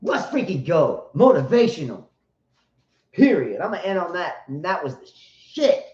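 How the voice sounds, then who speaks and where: A man with a high voice co-hosts a casual live tennis stream, animated and profane as he rallies the viewers. The sound is roomy and slightly dull, like lo-fi live-stream audio. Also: normal speed. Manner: animated, loose and profane, hypes up the chat. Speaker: co-host of a live tennis chat show.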